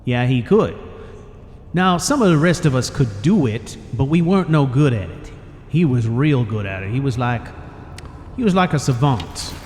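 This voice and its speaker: Man playing a rambling old Nord warrior for a game story, dark low voice, long reverb tail. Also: animated, moderate pace, a little hiss or hum, close to an everyday voice. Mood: explaining. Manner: rambling, folksy, ungrammatical. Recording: long reverb, faint music behind.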